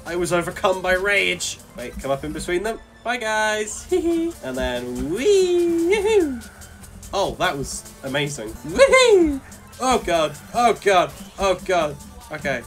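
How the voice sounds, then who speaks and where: A young man talks through a racing game, excitable, with a lively voice that swings up and down. His tone is bright and he takes his time between words. Faint game music plays behind him. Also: high-pitched. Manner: excitable, yelling and laughing at wins and crashes. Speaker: gaming video creator. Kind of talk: playing a racing game with live commentary.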